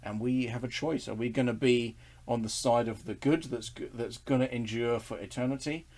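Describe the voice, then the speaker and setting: A man's voice: medium pitch, steady tone, normal speed, a little mellow. Earnest man leading a Bible study. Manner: earnest and enthusiastic, with frequent restarts and chuckles. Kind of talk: casual online Bible study talk.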